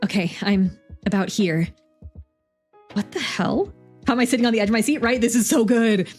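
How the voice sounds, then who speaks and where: A young adult woman streaming, reading a story aloud and reacting to it excitedly, swearing casually as she goes. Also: fairly high pitch, normal speed, slightly rough, faint music behind. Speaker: VTuber streamer.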